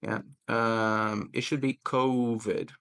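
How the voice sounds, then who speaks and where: Guy teaching english pronunciation, gravelly fry in his voice, says words over slowly. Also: medium pitch, flat delivery, fairly bright tone. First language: Portuguese. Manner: patient, repeats words slowly to model pronunciation. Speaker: English teacher and podcast host. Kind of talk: pronunciation coaching in casual chat.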